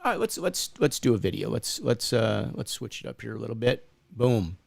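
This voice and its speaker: A man's voice: mid-range voice, sing-song, moderate pace, gravelly, no echo. A man co-hosting a casual referee talk stream, chatty and plugging the channel. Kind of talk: casual live-stream chat.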